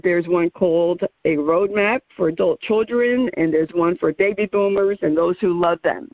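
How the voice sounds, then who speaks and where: A woman's voice: lowish voice, moderate pace, dry recording. A woman hosting a radio interview show in a chatty, friendly way, laughing easily as she introduces her guest. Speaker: radio talk show host. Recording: dull lo-fi radio sound.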